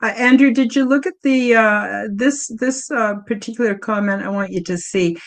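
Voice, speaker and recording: A woman's voice: fairly high pitch, normal speed. A woman hosting an interview, affirming and openly emotional as she talks to her guest. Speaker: host. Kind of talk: casual interview talk.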